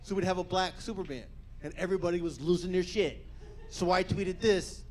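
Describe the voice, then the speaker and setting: High-voiced, profane male stand-up comic. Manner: energetic, profane, jumps into quick character voices. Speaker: stand-up comedian. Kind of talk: stand-up comedy set.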